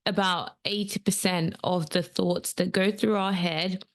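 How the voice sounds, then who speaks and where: This podcast host and transformational coach has a lowish, fairly even voice and an unhurried delivery. Alone on her coaching podcast, recorded via a camera setup at home, she chats casually, rambles into asides, and fills gaps with frequent ums.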